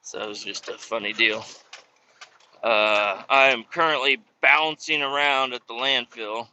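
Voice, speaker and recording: A man's voice: medium pitch, steady tone, measured pace, bright, forceful tone, highs cut off, slight background noise. A man, a truck driver, casually telling stories on a vlog from inside his truck cab, chatty and profane.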